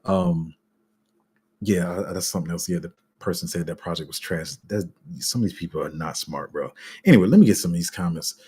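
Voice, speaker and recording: Low, husky man ranting casually. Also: fairly quick, darkish tone. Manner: frank and exasperated, heavy slang, many restarts. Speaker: crypto YouTuber reading live comments. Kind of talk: casual livestream rant.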